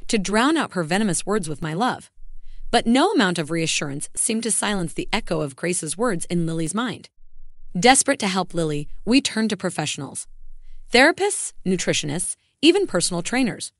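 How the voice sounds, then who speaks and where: Female narrator for an animated story, emotive delivery with a wide, animated pitch range. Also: no room sound, clean studio sound. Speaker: first-person story narrator. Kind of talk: scripted narration.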